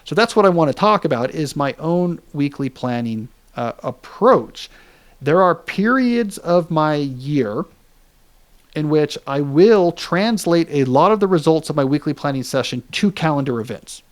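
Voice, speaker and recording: A man's voice: a little high, lively intonation, unhurried. A man in his forties hosting a podcast, explaining ideas in casual chat with joking asides. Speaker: podcast host.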